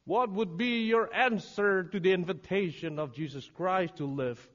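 A man preaching a sermon, dramatic and swinging from hushed words to shouting. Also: sits high, unhurried. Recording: reverberant hall, dull lo-fi sound.

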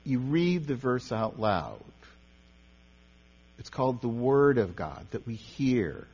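A man with a medium-pitched, slightly mellow and husky voice speaks slowly but with great animation, giving a conversational sermon on meditation in a church. As a pastor or teacher leading the service, he often repeats words and restarts phrases. The recording sounds dull and lo-fi, with long hall reverb and mains hum.

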